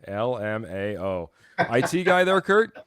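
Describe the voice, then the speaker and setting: A man's voice: mid-range voice, sing-song, unhurried, fairly bright tone, smooth, dry recording, clean studio sound. A man hosting a casual live sports fan show, upbeat and chatty, reading out viewer comments and laughing often. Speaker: host.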